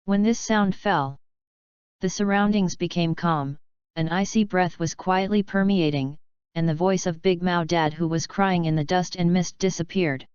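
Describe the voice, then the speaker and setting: A woman narrating a fanfiction audiobook in a flat, even reading, with a dull lo-fi sound. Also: lowish voice, moderate pace, clean tone, no room sound. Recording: dull lo-fi dry recording.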